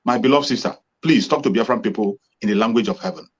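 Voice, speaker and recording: A man's voice: on the low side, fast talker, breathy edge, muffled recording. A Nigerian man hosting an online broadcast, earnestly exhorting his audience. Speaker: host.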